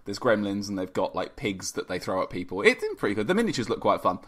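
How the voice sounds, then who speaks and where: Male podcast guest, low voice, easygoing rambling banter. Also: very animated, fast talker, breathy edge. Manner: rambling, self-deprecating, jokey. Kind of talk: casual chat.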